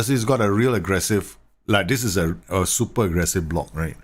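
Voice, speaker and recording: A man's voice: deep voice, fairly quick. A man giving casual, chatty commentary on football management game tactics, talking straight to his viewers and laughing at his own slips. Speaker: gaming YouTuber reviewing tactics.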